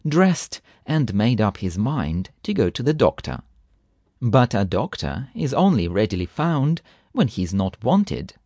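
Unhurried expressive male narrator. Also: medium pitch, no echo, studio quality. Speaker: audiobook narrator. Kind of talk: scripted narration.

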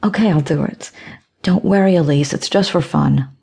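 A woman's voice: sits low, normal speed, gravelly, mellow, slightly rough, exaggerated voice. A woman voicing a skeptical young woman who brushes things off casually. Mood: wary, dismissive. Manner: casual and dismissive.

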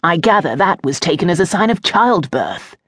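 A woman's voice: lowish voice, very animated, moderate pace, slightly rough, no echo. A woman narrating an audiobook, voicing an irritable, prudish aristocratic father who talks in an exasperated, imperious way. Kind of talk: audiobook character voice.

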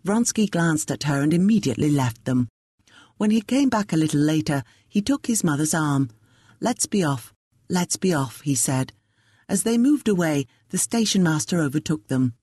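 A woman narrating a classic novel as an audiobook, measured and even. Her voice is low and slightly husky, and the recording is close and dry with no room sound. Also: no echo.

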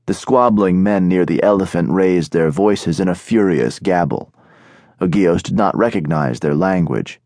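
Deep-voiced male audiobook narrator. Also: a little slow, darkish tone, no room sound, clean studio sound. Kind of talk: scripted narration. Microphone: studio microphone.

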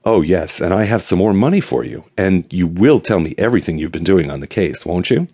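A male audiobook narrator voicing an excitable, gossipy man with a twittering, breathless way of talking that swings from coy to sharp. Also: low-pitched, brisk, breathy edge. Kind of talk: audiobook character voice.

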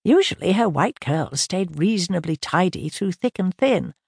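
An older woman reading a mystery novel aloud in a measured narrating manner. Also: lowish voice, animated, creaky, darkish tone, breathy edge, no echo. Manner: measured, gives characters lightly raised voices. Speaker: audiobook narrator. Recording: dry close studio audio.

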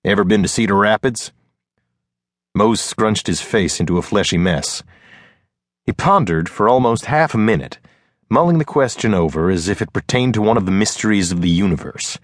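Brief: low-pitched male narrator, measured Western storytelling, dry close studio sound. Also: lively intonation, no room sound. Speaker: audiobook narrator. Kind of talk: scripted narration.

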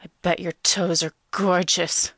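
A woman voicing a creepy male prank caller who pleads in a slow, hushed, leering way. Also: fairly low pitch, level tone, no room sound.

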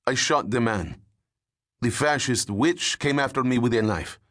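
A man's voice: medium pitch, expressive, measured pace, voice pushed up. A man doing a boastful, brutal Russian soldier. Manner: gruff, boastful, shouting slogans.

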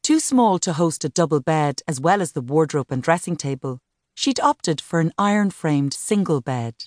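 A woman narrates a novel in a low, measured voice. The reading is even and unhurried. It is recorded close on a studio mic with a very dry sound. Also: no room sound. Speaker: audiobook narrator. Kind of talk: scripted narration.

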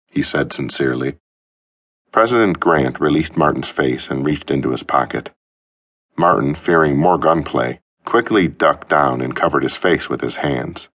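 A man narrating a humorous novel as an audiobook, with an expressive storytelling delivery. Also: very deep voice, moderate pace. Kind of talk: scripted narration.

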